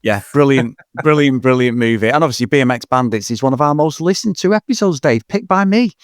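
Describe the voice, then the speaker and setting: Brief male podcast co-host, middle pitch, chatty, dry close sound. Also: animated, no echo. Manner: chatty, reads sign-off plugs briskly. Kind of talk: casual film-podcast chat.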